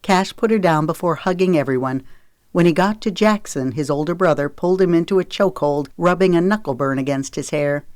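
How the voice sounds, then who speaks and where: Woman, audiobook narrator, measured storytelling, low voice, dry close studio sound. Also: darkish tone, dry recording. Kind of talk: scripted narration.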